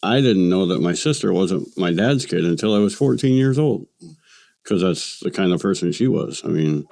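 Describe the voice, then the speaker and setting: A man in his late forties, a podcast guest, speaking in a halting, matter-of-fact, self-deprecating way. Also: deep voice, expressive, creaky, a little mellow, no echo. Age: late 40s. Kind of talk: casual podcast chat.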